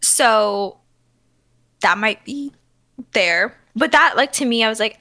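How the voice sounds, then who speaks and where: A woman's voice: fairly high pitch, lively intonation, takes it slowly, vocal fry, bright, forceful tone, dry recording, clean studio sound. A woman in her twenties co-hosting a podcast, gushing and giggly, saying "like" a lot. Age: 20s. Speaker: podcast co-host. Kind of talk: casual chat.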